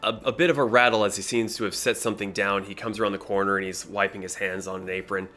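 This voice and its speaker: A man narrating as game master of a tabletop game, talking in a relaxed way with many fillers. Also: fairly low pitch, fast. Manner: relaxed, with frequent fillers and throat clearing.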